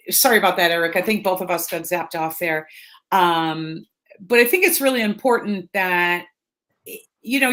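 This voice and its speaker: A chatty woman hosts a casual live stream over a video call. Her voice is bright and forward, and she laughs easily as she runs through rapid-fire questions. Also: mid-range voice. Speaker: realtor and live stream host.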